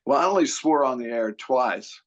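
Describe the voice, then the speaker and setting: An older retired newscaster talks in a relaxed, conversational way as a podcast host. His mid-pitched voice comes through a dull, lo-fi recording. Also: moderate pace. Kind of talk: casual chat. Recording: dull lo-fi sound.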